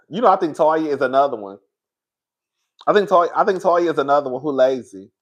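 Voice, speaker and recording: A man giving a sassy, animated live-stream review, reading chat as he goes, calling viewers "girl", laughing often and swearing freely. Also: fairly high pitch, normal speed, muffled recording. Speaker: reality TV show reviewer.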